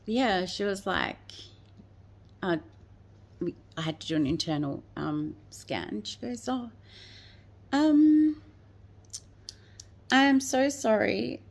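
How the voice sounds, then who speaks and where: A woman's voice: medium pitch, expressive, slow, long pauses, darkish tone. A woman telling a personal story in a rambling way, with many fillers, often quoting what others said. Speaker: guest telling her story.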